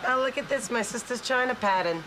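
Sitcom nanny type, woman, brash quipping delivery, slightly high voice, loud audience noise behind. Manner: wisecracking, fast-talking. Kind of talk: sitcom acting. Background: studio audience laughter.

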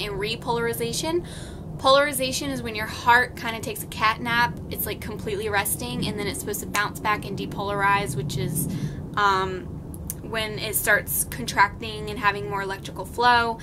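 With some background noise, a young woman with a slightly high voice recaps her nursing class in a chatty vlog. Her explanations are simple and dotted with frequent ums.

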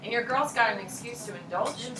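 A woman's voice: fairly high pitch, brisk, noisy background. A woman in her thirties, a teacher giving a chatty classroom lecture and quizzing her students. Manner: lively, chatty, asks the class questions.

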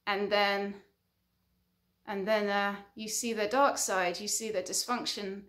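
A woman's voice: medium pitch, fairly bright tone. A woman counselor giving an earnest advice monologue, building her points through repeated short lists. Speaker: relationship counselor.

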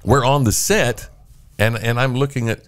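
A man's voice: mid-range voice, normal speed. An older man, a veteran radio host, telling stories in casual chat and acting out the voices of the people in them. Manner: animated storyteller acting out quoted voices. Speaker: radio host and podcast guest.

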